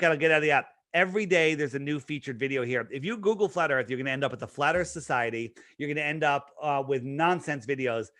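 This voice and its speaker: A man guesting on an interview talks fast and emphatically in casual promotional talk, full of restarts and fillers. His fairly high voice sounds pushed and bright. The recording is dry and close, with little room sound.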